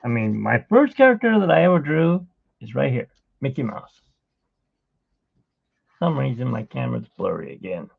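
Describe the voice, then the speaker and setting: A man's voice: mid-range voice, sing-song, moderate pace, vocal fry, pauses often, slightly rough. A middle-aged man hosting a live drawing stream, chatting in a rambling, storytelling way, in tinny phone-like livestream audio. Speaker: art livestream host. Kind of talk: casual live drawing chat.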